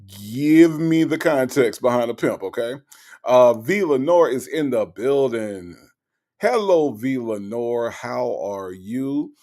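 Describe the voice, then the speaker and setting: A man's voice: medium pitch, expressive, takes it slowly, a little mellow. A man hosting a livestream in casual chat, reading out viewer comments and teasing them playfully. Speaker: livestream host.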